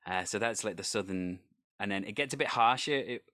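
A man's voice: on the low side, brisk, sharp tone, no echo, studio quality. A man from North Wales hosting a podcast, chatting in a friendly way and asking open questions over a video call. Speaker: podcast host. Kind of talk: conversational interview.

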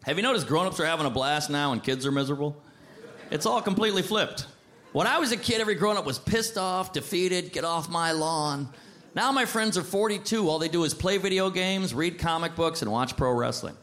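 A man in his thirties doing a stand-up comedy set with a punchy, animated delivery, speaking into a handheld mic on stage. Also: a little high, quick pace. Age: 30s. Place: comedy stage before a live audience.

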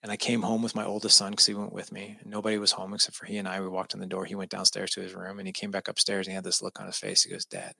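Low, gravelly male guest, bright and emphatic, moved as he tells a family story; dry close sound. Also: monotone, racing, hardly any pauses, dry recording. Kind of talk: personal storytelling.

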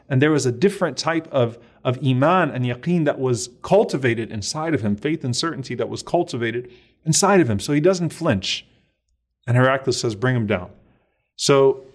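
Preacher, male, middle-aged, mid-pitched, vivid storyteller acting out dialogue. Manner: dramatic storytelling, acts out dialogue, sprinkles Arabic phrases. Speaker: Islamic preacher. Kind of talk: storytelling sermon.

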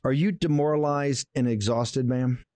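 A man hosting a political talk show, speaking in a forceful, indignant way with quick asides. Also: mid-range voice, no echo. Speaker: host.

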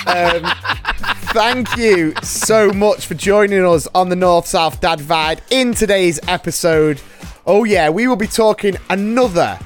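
A playful man hosts a chatty podcast, joking around in a slow, unhurried way. His voice sits a little high and bounces all over the place. There is faint music underneath. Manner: jokey and playful, laughs often. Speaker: podcast host. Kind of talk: casual podcast chat.

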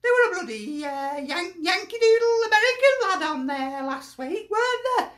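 A woman's voice: very high-pitched, sing-song, moderate pace, a bit bright, roomy sound. A woman with a Lancashire accent, a football fan sending in a chatty, jokey video message and laughing often.

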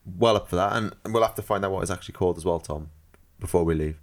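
Jokey Welsh man with a low voice. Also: fast. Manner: jokey, laughs often. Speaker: podcast co-host. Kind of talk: casual podcast chat.

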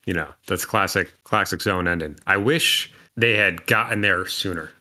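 A man talks in relaxed, casual chat as a podcast co-host. His tone is very sharp and bright. His voice sits a little low. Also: moderate pace. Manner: relaxed, conversational.

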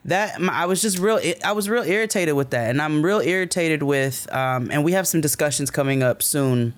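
Guy ranting on a podcast, voice a bit high, animated and sweary. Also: moderate pace. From United States. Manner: animated, emphatic, profane. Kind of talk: casual storytelling chat.

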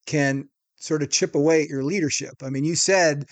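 A man cohosting a podcast, framing his questions at length in a measured way. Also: on the high side, no echo.

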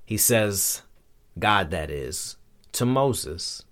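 A man's voice: fairly low pitch, expressive, very slow, fairly bright tone. A man hosting a show, giving a casual, conversational Bible lesson in colloquial slang and acting out quotes. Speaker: podcast host and Bible teacher.

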